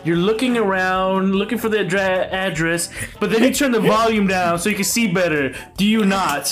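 A man's voice: high-pitched, moderate pace, fairly bright tone, faint music behind. A man joking around as a player in a tabletop game. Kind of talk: casual banter.

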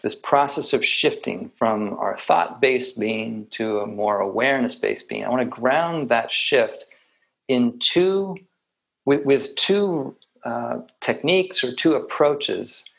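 A man giving a reflective meditation talk with light humor, often pausing and restarting his sentences. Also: mid-range voice, creaky, fairly bright tone, rough recording. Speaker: meditation teacher.

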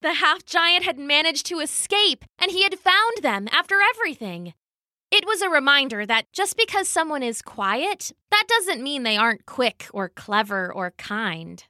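A woman storyteller reading a children's adventure story in an expressive, animated way. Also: high-pitched, moderate pace, dry recording, clean studio sound. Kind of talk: scripted children's story narration.

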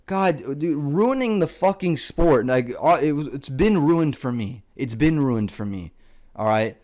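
A man's voice: a little high, expressive, a little slow, a little mellow. A young man, a comedian, ranting casually and profanely, rambling with lots of filler words and exasperation.

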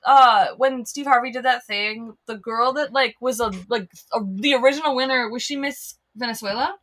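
A woman's voice: a little high, steady tone, normal speed, fairly bright tone. A woman from Minnesota, a guest on a film podcast, talking casually and giggling, with lots of "like" fillers. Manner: chatty, giggly, many "like" fillers. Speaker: podcast guest, staff writer.

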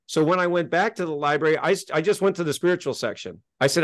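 A middle-aged man telling his story as a podcast guest, animated and emphatic, and he gets worked up as he talks. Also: a little high, fast, no room sound, clean studio sound. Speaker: interview guest.

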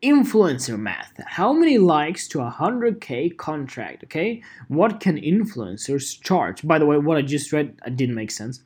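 A man's voice: fairly high pitch, big pitch swings, a little slow, hardly any pauses, slightly rough. A man hosting a podcast alone, talking casually in a rambling, profane, self-deprecating way. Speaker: podcast host.

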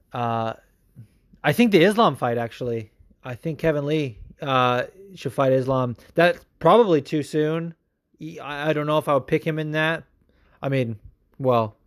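A man hosting a show of listener calls, talking in a casual, profane and excitable way. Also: medium pitch, no room sound, studio quality. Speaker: podcast host answering listener calls. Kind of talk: casual chat.

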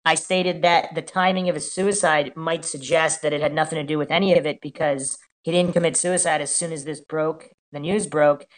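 A woman with a fairly low voice hosts a casual true-crime podcast. She reads out reports and posts, then picks them apart in a skeptical, questioning way. She often puts questions to her co-host. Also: steady tone, normal speed, hardly any pauses.

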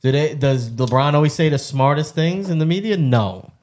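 Man, sports podcast co-host, playful needling, voice a bit higher than most. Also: animated, normal speed, darkish tone. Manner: teasing, playful. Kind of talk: casual sports chat.

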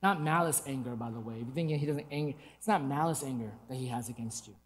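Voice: medium pitch, fast, slight background noise. A preacher delivering an emphatic sermon, asking the congregation rhetorical questions. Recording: long hall reverb.

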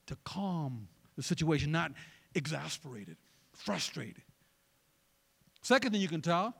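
Male pastor, sermon, high voice, lively, gravelly, joking asides. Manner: animated, joking asides to the congregation.

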